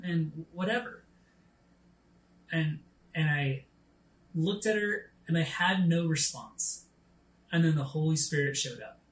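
A man preaching a sermon, telling a story from his youth pastor days and acting out the dialogue with lively energy. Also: echoey room. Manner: animated, acts out quoted dialogue with rising pitch.

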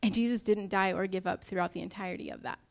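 A woman's voice: mid-range voice, fairly even intonation, fast, gravelly. A young woman preaching a sermon to her church, earnest and emotional as she speaks to the congregation.

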